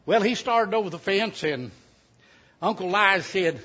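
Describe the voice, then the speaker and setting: Preacher, folksy joking storyteller, bright husky tenor. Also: male voice, high-pitched, expressive, unhurried. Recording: dull lo-fi sound.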